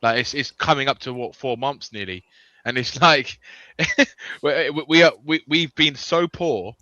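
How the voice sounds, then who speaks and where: A man's voice: mid-range voice, measured pace, bright, forceful tone, dry recording, muffled recording. A man joining a live football chat as a guest, talking hesitantly with stammering restarts. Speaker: panel guest. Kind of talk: casual chat on a call.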